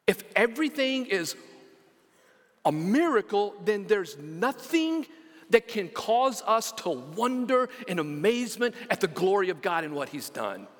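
A man preaching a sermon as pastor, animated and repeating words as he calls on the congregation to respond. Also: high voice, a little slow. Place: church sanctuary. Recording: long church hall reverb.

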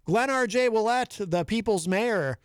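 A man's voice: high-pitched, expressive, a little slow, clean tone, no room sound, studio quality. A man hosting a live talk radio show, teasing his co-host and laughing easily. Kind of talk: casual talk radio banter. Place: radio studio.

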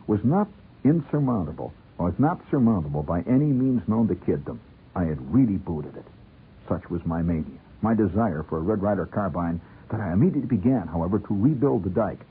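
A man telling a wry, lively first-person story, playing the people in it as he goes. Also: sits low, moderate pace. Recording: tinny old radio broadcast with faint noise.

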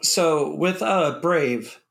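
A man's voice: a little high, very slow, vocal fry, fairly bright tone. A man co-hosting a casual movie podcast, talking in a rambling way full of "like". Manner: rambling, heavy use of "like". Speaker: podcast co-host.

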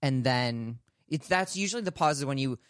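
A man co-hosting a podcast in casual chat, gentle and upbeat, speaking in a reassuring way. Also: medium pitch, lively intonation, moderate pace, smooth, dry recording, clean studio sound. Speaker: podcast co-host.

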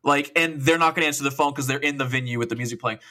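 Bright-voiced man telling a rambling story. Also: medium pitch, rapid-fire. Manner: rambling, profane, animated retelling with quoted dialogue. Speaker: podcast co-host. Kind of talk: casual storytelling.

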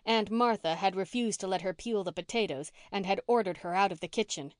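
A woman narrates a classic novel in a measured, expressive reading. Her voice sits at a middling pitch. The recording is close and dry, with no room sound. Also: dry recording. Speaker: audiobook narrator. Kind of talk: scripted narration.

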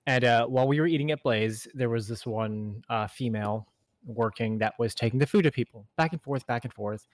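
A young man co-hosting a podcast tells a funny story casually, with plenty of laughter. His voice sits at a medium pitch, moves a little fast, and carries no room sound.

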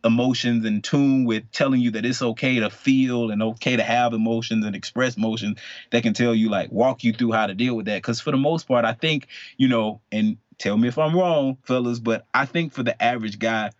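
A man co-hosting a podcast, sharing a candid personal story in a casual, animated way and laughing now and then. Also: mid-range voice, fairly quick, dry recording. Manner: animated, emotional, laughs often. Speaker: podcast co-host. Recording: dry, slightly dull podcast mic.

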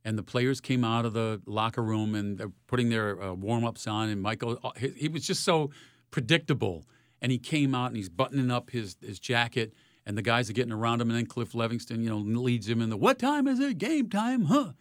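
A retired sports reporter in his sixties, telling lively stories in an interview. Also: a little fast, smooth, no echo, clean studio sound. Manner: animated storyteller, rising loud in highlights. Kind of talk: storytelling interview.

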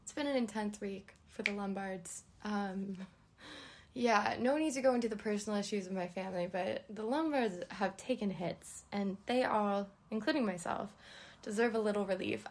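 A woman's voice: mid-range voice, darkish tone. A young woman hosting a podcast, chatting casually on her own in a rambling way and laughing often. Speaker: podcast host. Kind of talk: casual solo chat.

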